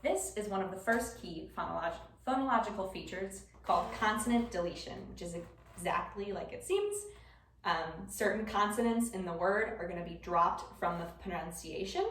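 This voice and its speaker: A woman's voice: mid-range voice, normal speed, fairly bright tone, slight background noise. A young woman with a Wisconsin accent giving a casual class presentation, chatty and informal with frequent ums. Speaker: student presenter. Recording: roomy classroom from far off.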